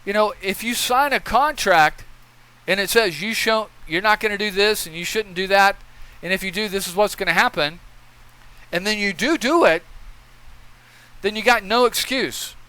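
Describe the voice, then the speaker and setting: Male commentator, high bright clear voice, blunt profane lecturing rant. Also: moderate pace, rough recording. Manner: lecturing, repeats points with "okay?". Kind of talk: opinion commentary.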